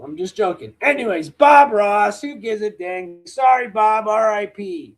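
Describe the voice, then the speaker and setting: Very high-voiced man telling rambling stories. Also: expressive, a little slow, few pauses. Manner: profane, slangy, rants full of "bro" and "dude". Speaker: live-stream host. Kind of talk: casual rambling storytelling.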